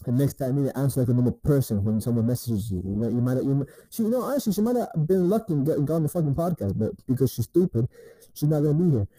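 A man tells a story in a loose, rambling rant, swearing freely and checking in with the listener again and again. His voice is very dark and mellow, and the sound is close and dry. The delivery is casual and unscripted. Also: medium pitch, animated, very fast, dry recording, poor audio. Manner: rambling and profane, with many repeated "right?" tags. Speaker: podcaster.

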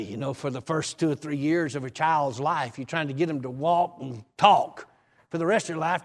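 A male preacher giving a sermon testimony as animated, folksy storytelling that bursts into shouts. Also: high-pitched, creaky, breathy edge, in a large hall.

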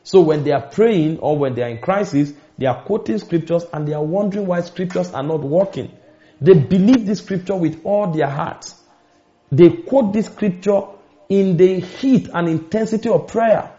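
A Nigerian man preaching in a storytelling way, with sudden emphatic lifts in his voice. His tone is mellow and a little high for a man. The recording sounds muffled and lo-fi. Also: animated. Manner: storytelling preacher, emphatic rises and dramatic pauses. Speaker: pastor. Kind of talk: sermon.

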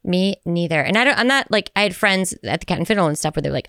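A woman's voice: fairly low pitch, lively intonation, quick pace, fairly bright tone, no echo, studio quality. A woman co-hosting a podcast in casual chat, teasing and laughing often. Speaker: podcast co-host.

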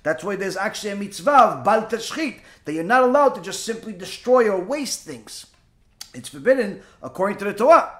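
A man teaching a Torah lesson through lively, animated storytelling with asides and fillers. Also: high voice, brisk. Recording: echoey room.

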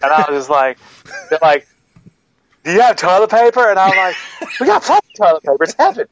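A man playing the ghost of a loud older male baseball announcer in a comedic impression sketch, boisterous and rambling. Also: sits high, sing-song, fast, slight background noise, full character voice. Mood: brash. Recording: dull lo-fi podcast audio.

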